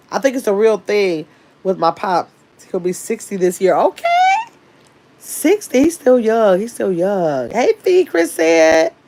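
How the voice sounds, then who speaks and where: A woman chatting on a casual home livestream, talking from her bed into a phone or webcam. Her voice sits a bit high, and she reads comments aloud and greets viewers by name in a loose, easygoing manner. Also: darkish tone. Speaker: livestream host.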